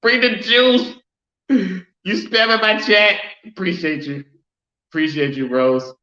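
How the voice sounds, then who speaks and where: A man hosting a casual sports fan live stream, chatting loosely and giving viewers shout-outs. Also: sits high, very animated, takes it slowly. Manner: casual, reads and answers chat shout-outs. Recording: roomy, dull lo-fi sound.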